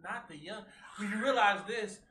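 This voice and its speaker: A man co-hosting a casual show, recapping a movie excitedly, repeating himself and jumping in over his co-host. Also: high voice, normal speed. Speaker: podcast co-host. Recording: echoey room with faint hum.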